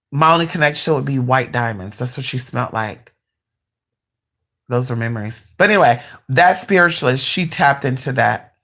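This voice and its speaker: A woman with a low-pitched voice tells a personal story straight to her audience. She talks loosely and casually, swearing freely and calling her viewers y'all. When the story gets exciting, her voice leaps far up in pitch. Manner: voice jumps much higher when excited. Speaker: spiritual vlogger.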